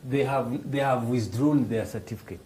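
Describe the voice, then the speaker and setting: A man's voice: mid-range voice, moderate pace, slight background noise, poor audio. A man with a Rwandan English accent explaining financial markets to students, acting out little dialogues and restarting his phrases. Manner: animated, acts out dialogues in raised voices, hesitant restarts. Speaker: financial literacy instructor. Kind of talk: classroom explanation with acted examples.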